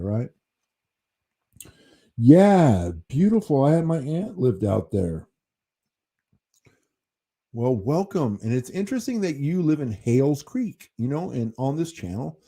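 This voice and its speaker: This American man's husky, dark voice is medium in pitch, swinging widely, at a measured pace with frequent pauses. Hosting his own channel, he reads chat and talks casually with viewers in a meandering, easygoing livestream, with some casual swearing.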